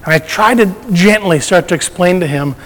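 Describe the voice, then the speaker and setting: A man's voice: high voice, normal speed, a bit bright, long reverb tail, poor audio. A man sharing a personal faith testimony in a conversational storytelling way, often restarting his sentences.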